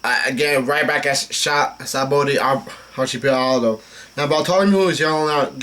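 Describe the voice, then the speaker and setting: A young man with a bright, forceful voice pitched a little high talks casually through a comic, reading the characters' lines in a plain tone. He trips over names and keeps stopping with "uh" and "um" before pushing on. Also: normal speed. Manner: reads dialogue aloud flatly with frequent fillers and restarts. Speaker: manga reaction host. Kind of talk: casual live reading commentary.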